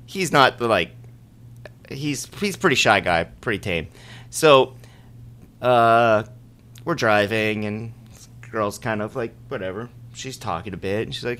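A man with a bright, forward voice spins a loose story among friends. He rambles, laughs along and scatters "like" through his casual chat. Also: on the low side, lively intonation, unhurried, long pauses. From Winnipeg. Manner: rambling, laughing, many "like" fillers. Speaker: storyteller on a podcast.

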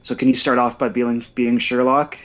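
A man's voice: medium pitch, level tone, normal speed, muffled recording. Dry-voiced man prompting in casual chat. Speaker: podcast co-host and coach.

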